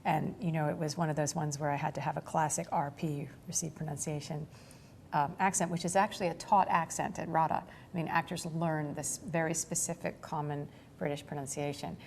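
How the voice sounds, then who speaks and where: A woman in her forties chats through an interview with a fairly low voice. She tells her stories with energy, piles on fillers and laughs often, over a faint low rumble. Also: fairly quick, vocal fry. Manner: animated storytelling, laughs often, many fillers. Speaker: actor guest. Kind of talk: casual interview chat.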